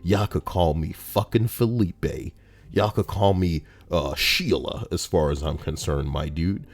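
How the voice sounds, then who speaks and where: A man reading out Reddit posts on a livestream, rambling and profane in a casual, animated way. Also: deep voice, measured pace.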